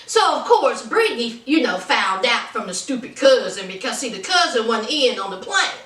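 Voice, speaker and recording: A woman giving sassy, animated reality TV recaps full of slang and laughing asides. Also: fairly high pitch, normal speed. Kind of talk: sassy casual commentary. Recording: roomy, mic at a distance.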